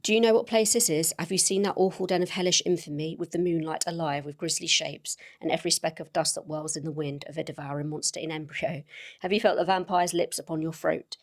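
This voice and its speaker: A woman's voice: low voice, steady tone, quick pace. A woman reading aloud the lines of a distressed young husband in a gamebook, with impassioned, pleading delivery.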